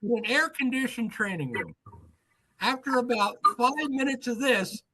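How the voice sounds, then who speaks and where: A man with a notably high speaking voice spins a story as a podcast guest. He tells it with energy and voices the people in it as he goes. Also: moderate pace, rough recording. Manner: animated anecdote teller, acts out quoted lines. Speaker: author guest.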